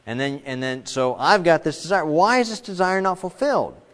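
A man's voice: moderate pace, a bit bright. Middle-aged guy preaching a sermon, chatty, does little voices for quotes, big echoey hall. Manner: conversational preaching, acts out quoted voices with big pitch jumps. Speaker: pastor. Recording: long reverb of a large hall.

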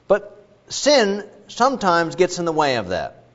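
A man's voice: high voice, huge pitch swings, unhurried, a bit bright. A man preaching an expository sermon in a conversational, digressive way with frequent asides. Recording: dull lo-fi recording.

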